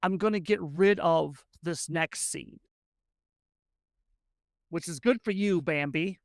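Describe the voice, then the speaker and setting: Close to the mic and with no echo, a game master narrates a tabletop game at medium pitch. The delivery is quick and rambling, full of restarts.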